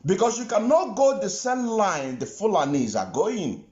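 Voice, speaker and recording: Emphatic Nigerian man, lively high voice. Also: moderate pace. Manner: emphatic, repeats lines for weight. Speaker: political commentator. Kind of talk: impassioned political commentary. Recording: roomy, dull lo-fi recording.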